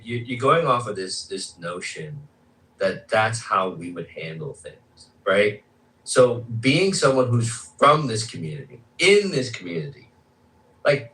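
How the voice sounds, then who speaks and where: A man's voice: mid-range voice, bright, forceful tone, slight background noise, low-quality recording. A man arguing insistently in a heated panel debate, interrupting and cursing. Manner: insistent, keeps interrupting, profane.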